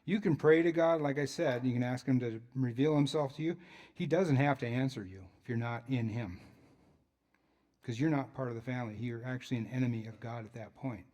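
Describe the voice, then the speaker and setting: A man's voice: medium pitch, brisk, darkish tone. A man as a pastor preaching a sermon in a church, in a conversational way with joking asides.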